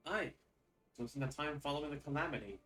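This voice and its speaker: A man voicing a solemn, reserved woman who speaks in a measured, archaic way. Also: on the high side, a bit bright, far from the mic, faint music behind, close to an everyday voice, low-quality recording.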